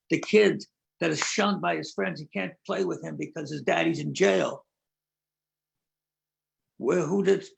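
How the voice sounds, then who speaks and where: Gravelly older man, earnest and measured. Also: on the high side, poor audio. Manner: earnest, measured, with deliberate slowed emphasis. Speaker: rabbi and prison-outreach leader. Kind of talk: conversational talk, storytelling.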